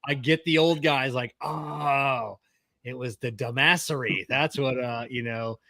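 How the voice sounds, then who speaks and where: A middle-aged man co-hosting a podcast, talking casually and gruffly with plenty of swearing, close to the mic. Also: medium pitch, measured pace, bright, forceful tone, dry recording. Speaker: podcast co-host. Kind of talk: casual chat.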